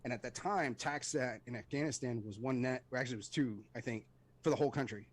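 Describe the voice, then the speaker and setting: A middle-aged man who served in the Army guests on a podcast, telling casual stories full of acted-out voices and sound effects. His delivery is animated, quick and medium in pitch.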